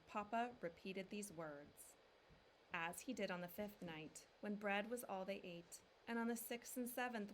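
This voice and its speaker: Teacher read-aloud, woman, calm and even, mid-range voice. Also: a little hiss or hum. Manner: calm, dropping low on narration tags. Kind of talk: reading a picture book aloud.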